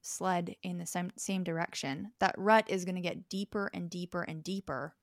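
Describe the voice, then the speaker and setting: A woman's voice: on the low side, fairly even intonation, moderate pace, dry recording, clean studio sound. A young woman speaking as a guest in a podcast conversation. She talks thoughtfully and explains her ideas through examples. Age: young adult.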